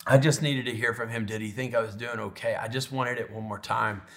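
A middle-aged man preaching as a pastor, telling a personal story with animated, emotional delivery that sinks to soft, tender tones. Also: medium pitch, fairly quick. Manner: emotional, animated storytelling, drops to near whisper when tender. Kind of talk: sermon storytelling.

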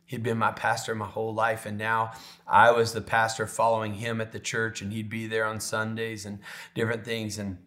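A middle-aged male pastor tells a personal story from the pulpit. His voice moves between animated, laughing storytelling and soft, hushed, tender moments. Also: lowish voice, moderate pace. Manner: emotional, animated storytelling, drops to near whisper when tender. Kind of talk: sermon storytelling.

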